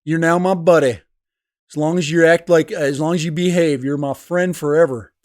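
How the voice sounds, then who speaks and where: A man's voice: a little high, fairly even intonation, normal speed, darkish tone, dry recording. A man hosting a casual livestream from home, rambling and laughing as he reads the chat into a desk microphone. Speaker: livestream host and teacher. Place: home room. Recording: dry close sound with music behind.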